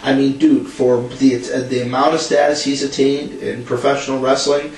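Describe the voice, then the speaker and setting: A man's voice: mid-range voice, little pitch movement, normal speed. A young man co-hosting a casual wrestling recap, blunt and ranting, laughing often. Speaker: podcast co-host. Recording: echoey room, distant mic, faint hum.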